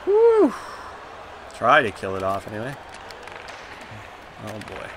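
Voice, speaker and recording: A man's voice: lowish voice, measured pace, a loud crowd, heavy background noise. A man giving live commentary on his own video game, groaning and exclaiming as the plays go for and against him. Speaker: gaming YouTuber.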